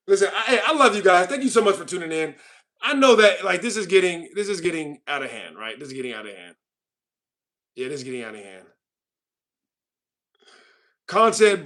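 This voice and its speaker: A man's voice: a little high, expressive, normal speed, pauses often, fairly bright tone. A man hosting a livestream, casually chatting with callers and teasing them in a mock-furious way, repeating his lines and calling people "bro". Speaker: livestream host.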